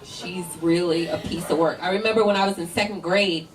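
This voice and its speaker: This time the Northern Virginia comic speaks fairly quickly in a fairly low, fairly even voice, working the crowd with brash, laughing teasing. The distant mic in the comedy tent picks up roomy sound and audience noise.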